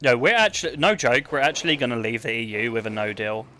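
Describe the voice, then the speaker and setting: A man's voice: medium pitch, animated, fast, sharp tone, a little hiss or hum. A young British man, feeling sick, chatting casually with his live-stream chat while gaming, joking and reading out comments. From United Kingdom. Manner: joking, banter with chat, reads comments aloud.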